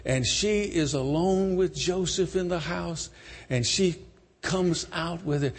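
A man preaching a sermon, retelling a story dramatically, emphatic and swinging between loud and soft. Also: fairly high pitch, takes it slowly, breathy edge. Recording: long hall reverb.

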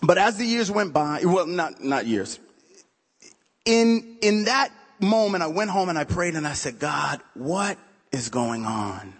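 A man's voice: high-pitched, expressive, a little slow, big-room sound. A man, a pastor, telling his own testimony during a sermon in a conversational, storytelling way, full of "you know" asides. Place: church sanctuary.

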